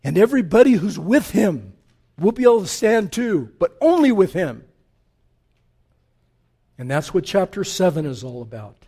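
A man preaching a sermon as pastor, impassioned, rising to urgent peaks and dropping to hushed passages. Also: sits high, sing-song, moderate pace, pauses often, breathy edge.

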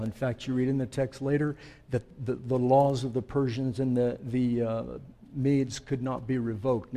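A man preaching a sermon in an unhurried, storytelling way, speaking directly to his listeners. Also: mid-range voice, dark tone. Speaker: pastor.

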